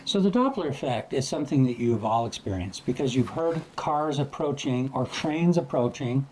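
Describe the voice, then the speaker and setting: A man's voice: medium pitch, animated, moderate pace, a little mellow, slight background noise. A man teaching astrophotography in a loose, chatty way, sometimes imitating sounds to make a point. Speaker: astrophotography educator. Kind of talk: casual explanatory lesson.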